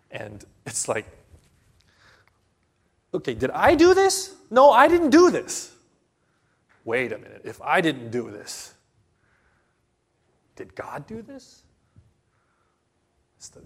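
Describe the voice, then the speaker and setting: Male preacher, unhurried and theatrical, middle-pitched voice, swells to loud peaks. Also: gravelly. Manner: slow, dramatic storytelling with sudden loud bursts. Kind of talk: sermon.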